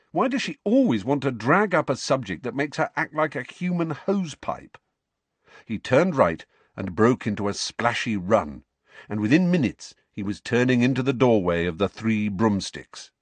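A man narrating a novel aloud with expressive storytelling. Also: mid-range voice, moderate pace, slightly rough, no room sound. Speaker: audiobook narrator. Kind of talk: scripted narration.

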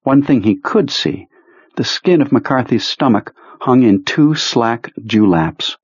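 A man narrating an audiobook in a measured, low-key storytelling manner. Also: expressive, slightly rough, dry recording. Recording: dry, slightly muffled recording.

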